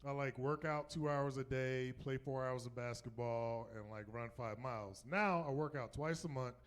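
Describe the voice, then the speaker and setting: A man's voice: medium pitch, moderate pace, clean tone. A man in his fifties from North Carolina with a Southern accent, doing a loose, conversational stand-up set on a club stage, often asking "right?" and laughing at his own jokes. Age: 50s. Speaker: stand-up comedian. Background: audience laughter.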